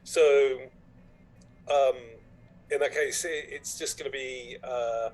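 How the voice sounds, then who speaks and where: A man's voice: medium pitch, fairly even intonation, takes it slowly, darkish tone, poor audio. Hesitant man playing a tabletop game. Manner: hesitant, thinking aloud. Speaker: player.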